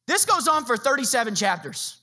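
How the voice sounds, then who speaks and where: A man preaching a sermon as a pastor, joking and telling stories in an animated way. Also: very high-pitched, brisk.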